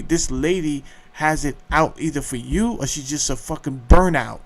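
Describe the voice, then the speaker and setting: A man's voice: on the high side, moderate pace, hardly any pauses. Profane, heated man ranting. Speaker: show host. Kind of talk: ranting talk show monologue.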